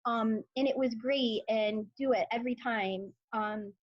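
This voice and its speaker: A woman in her forties speaks a touch higher than most, sharing stories as a guest with heartfelt, halting earnestness. The audio is dull and lo-fi, with the top end muffled. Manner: emotional, earnest storyteller with many fillers. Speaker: high school English teacher, guest. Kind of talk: conversational interview.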